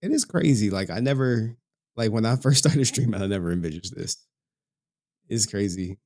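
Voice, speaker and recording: A man's voice: fairly low pitch, expressive, normal speed, darkish tone. A man chatting casually as a streamer, laid-back and talkative while reacting to a video.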